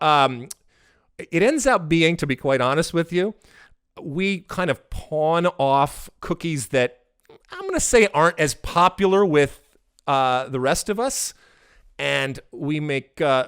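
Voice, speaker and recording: Emphatic middle-aged man with lively pitch. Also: dry recording, studio quality. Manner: animated, emphatic, swings into loud exasperated rants. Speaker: podcast host. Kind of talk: casual podcast chat.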